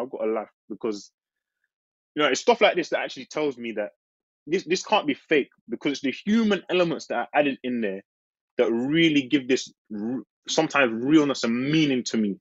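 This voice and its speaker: A man preaching a sermon, earnest and lively, slowing on key phrases. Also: husky, no room sound, muffled recording. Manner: earnest, slows on key phrases, laughs and jumps high acting out the disciples.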